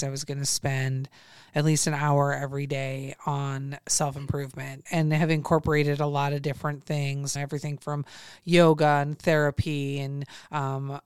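Woman podcast host, deep and very clean voice, earnest and emphatic, dry close mic. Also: clean tone, no echo. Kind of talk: casual chat.

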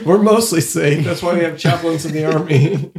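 High-voiced man laughing through crude banter. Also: moderate pace, reverberant, a little hiss or hum. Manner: laughing, profane, animated storytelling. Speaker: podcast co-host. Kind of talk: casual chat.

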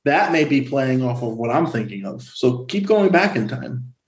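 Animated man in casual chat. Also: mid-range voice, normal speed. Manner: animated, jumps into silly voices for a line. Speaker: podcast co-host. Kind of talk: casual film discussion.

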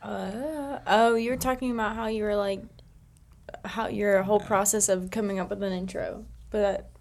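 A woman's voice: medium pitch, steady tone, normal speed, gravelly. A woman co-hosting live morning radio, amused and chiming in with short, wry remarks. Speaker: radio co-host.

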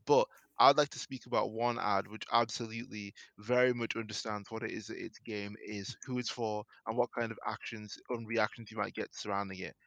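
A man's voice: lowish voice, steady tone, fairly quick, creaky, few pauses, a bit bright, no echo, lo-fi sound. A man chatting on a podcast, telling stories with lots of fillers and restarts. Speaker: podcast co-host. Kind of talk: casual podcast chat.

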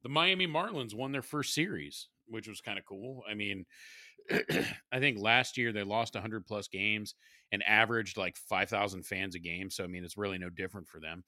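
A man's voice: on the low side, moderate pace, pushed and bright, no room sound, studio quality. A man in his thirties co-hosting a podcast in casual chat, rambling and swearing, often laughing. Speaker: podcast co-host.

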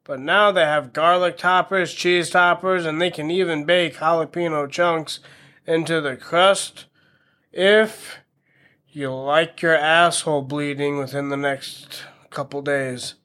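A man's voice: on the high side, fairly even intonation, slow pace, sharp tone. A man of around thirty hosting a casual solo podcast, talking in a wry, self-mocking way with crude jokes. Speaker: podcast host.

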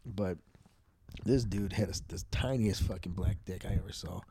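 A man's voice: low voice, normal speed, dark tone, slight background noise. A man hosting a podcast, talking in a frank, profane, rambling casual monologue. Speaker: podcast host.

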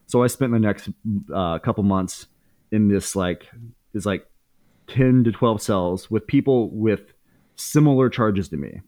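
A man's voice: lowish voice, lively intonation, a little slow, mellow, dry recording. A man in his thirties as a podcast guest, candidly telling a story in casual speech, swearing freely with many fillers and restarts.

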